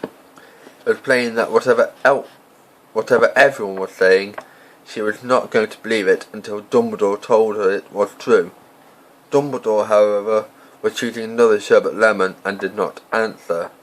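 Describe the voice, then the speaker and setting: A man's voice: on the low side, steady tone, moderate pace, rough recording. A man narrating a story as an amateur audiobook reader, in a casual manner with small slips and off-script asides.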